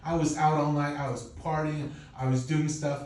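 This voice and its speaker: A man in his thirties, originally from Poland, doing a stand-up set with animated, profane, self-mocking storytelling. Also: on the high side, moderate pace. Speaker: stand-up comedian. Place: comedy club. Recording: echoey club, distant mic, faint noise.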